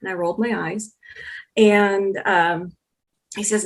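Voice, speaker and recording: A woman's voice: medium pitch, a little slow, long pauses. A woman guest on a podcast, telling a long personal story in casual chat and acting out the exchanges she recounts. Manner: animated storyteller, acts out quoted exchanges. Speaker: documentary filmmaker guest.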